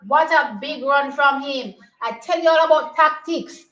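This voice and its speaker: A young woman giving casual live commentary on a track race, excitable and repeating herself as she thinks aloud. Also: high-pitched, a little slow. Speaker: track and field watch-along host. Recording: slightly muffled lo-fi audio.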